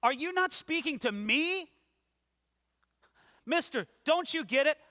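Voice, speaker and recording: A man's voice: very high voice, normal speed, bright, forceful tone, pitched above the performer's own voice. A man voicing a domineering, exasperated male Roman governor, insistent and stammering over his words. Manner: pleading, insistent, stammering repeats. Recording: long hall reverb.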